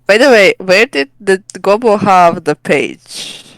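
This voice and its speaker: A woman playing a tabletop game, talking casually and joking around, quick to laugh. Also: mid-range voice, expressive, dry recording, rough recording. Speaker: player.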